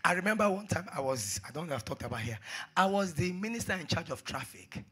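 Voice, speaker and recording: A man preaching a sermon, repeating phrases and swinging between hushed asides and shouted exhortations. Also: fairly high pitch, big pitch swings, fast, slightly rough.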